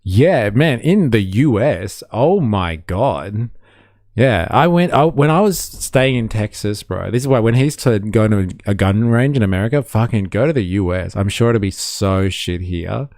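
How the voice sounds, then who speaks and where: A man's voice: fairly low pitch, measured pace, no echo, clean studio sound. A man with an Australian accent, chatting on a live stream and telling a rambling, profane anecdote. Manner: swearing, animated, rambling. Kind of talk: casual chat, telling an anecdote.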